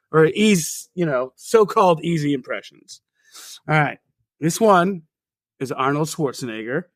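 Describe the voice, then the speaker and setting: A man's voice: fairly high pitch, fairly bright tone, dry recording, clean studio sound. Playful man hosting a podcast game. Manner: laughs a lot, playful game-show judging. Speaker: podcast co-host running a game. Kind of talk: casual chat.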